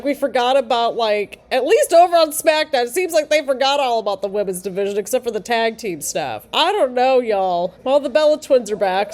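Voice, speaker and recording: A woman giving live, chatty reaction commentary to a wrestling show, excitable and full of fillers and quick restarts. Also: fairly high pitch.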